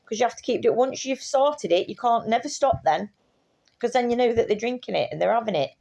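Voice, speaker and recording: A woman's voice: a little high, lively intonation, fairly quick, gravelly, darkish tone, voice pushed up. Woman putting on a grumbling old lady neighbour. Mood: mock-annoyed. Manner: mock-annoyed complaining.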